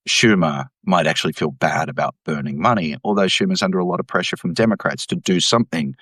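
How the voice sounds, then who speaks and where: A low-voiced man speaks as an economics professor in an interview, laying out his case with emphatic, animated energy. The sound is dry and close, with no room around it. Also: dry recording. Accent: Australian. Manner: animated, emphatic, mimics voices when quoting. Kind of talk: explanatory interview talk.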